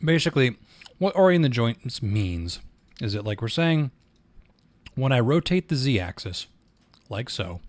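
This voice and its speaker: A man casually streaming a 3D software tutorial, rambling and swearing freely as he chats with viewers. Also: medium pitch, big pitch swings, a little slow, pauses often. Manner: profane, rambling, easily frustrated. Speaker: streamer and 3D artist.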